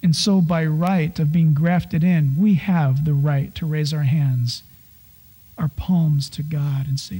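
A man preaching from the pulpit with a higher-pitched, husky voice. He tells his stories with lively energy and slips into exaggerated voices to act out people's complaints. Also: slow pace. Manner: animated storytelling, acting out complaints in high voices. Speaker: pastor. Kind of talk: sermon.

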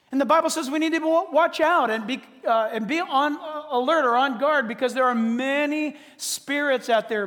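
High-voiced man preaching in a reverberant hall. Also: fairly bright tone. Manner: emphatic, conversational preaching with asides. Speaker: pastor. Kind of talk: sermon.

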